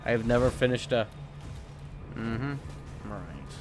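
A young man streaming a video game, commentating loudly as he swears at being lost. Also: medium pitch, lively intonation, takes it slowly, faint music behind. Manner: loud, swearing and frustrated with the game. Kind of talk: live gameplay commentary.

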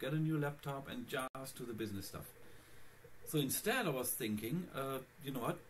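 Guy rambling on in a casual screen-recording vlog, talks right to viewers, voice a bit on the high side. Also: darkish tone, a little hiss or hum. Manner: rambling, chatty, addressing viewers. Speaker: Linux vlogger.

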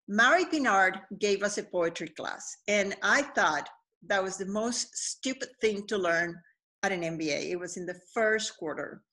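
A middle-aged woman presenting a business webinar, telling stories in an animated way with frequent fillers and restarts. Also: mid-range voice.

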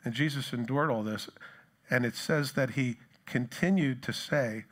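A man's voice: medium pitch, a little slow. A male pastor giving a conversational sermon, now and then acting out the taunts of a crowd in a voice of his own. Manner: conversational preaching, acts out mocking voices of the crowd.

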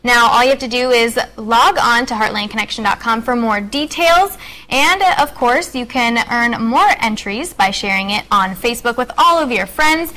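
A young woman hosts a local TV morning show, her voice pitched a little high. She reads contest details and a history segment briskly and teases her co-host. She sounds upbeat in a studio setting. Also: bright, forceful tone, rough recording. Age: young adult. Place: TV news studio.

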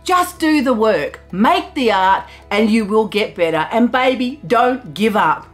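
A middle-aged woman artist giving an excitable, loud and enthusiastic pep talk to her viewers, laughing often. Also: on the high side, unhurried, faint music behind. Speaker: artist vlogger. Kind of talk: motivational pep talk to camera.

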